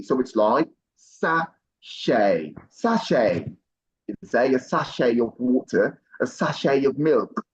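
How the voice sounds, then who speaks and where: Slow, encouraging male pronunciation coach. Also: mid-range voice, a little mellow, highs cut off. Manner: encouraging, repeats words slowly and often. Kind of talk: online pronunciation class.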